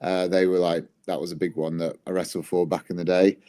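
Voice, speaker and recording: A man's voice: low-pitched, level tone, a little fast, mellow. A man, a wrestler, chatting casually in an interview and telling rambling, self-deprecating stories. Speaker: guest, wrestler.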